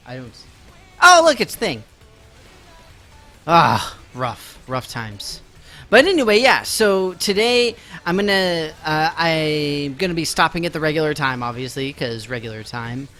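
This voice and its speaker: A young man streams a game live, chatting casually to viewers and joking about himself and his busy day while game music plays faintly behind. His voice is a little high, animated and fairly bright, at normal speed.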